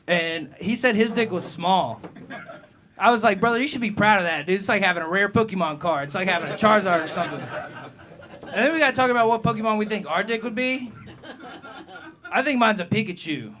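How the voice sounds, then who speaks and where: A man's voice: high voice, lively intonation, brisk. A young man doing a profane, rambling stand-up set at an open mic, laughing at his own jokes. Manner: gets loud and heated answering a heckler. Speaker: stand-up comedian. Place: comedy club open mic.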